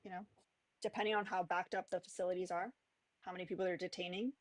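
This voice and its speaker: A woman's voice: fairly low pitch, level tone, fast, no echo. Firm Miami woman, dry close sound. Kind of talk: casual debate.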